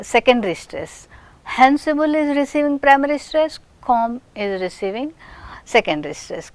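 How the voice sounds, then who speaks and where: A woman teaching a recorded phonetics lesson, slow and deliberate, drawing out each example word. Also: sits high, dry recording.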